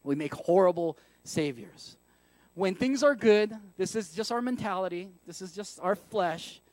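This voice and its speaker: A pastor with a high voice delivers his sermon in a conversational, self-deprecating way and leans on rhetorical questions. The sound is dry and close. He stays candid throughout. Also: animated, a little slow, a little mellow, no echo.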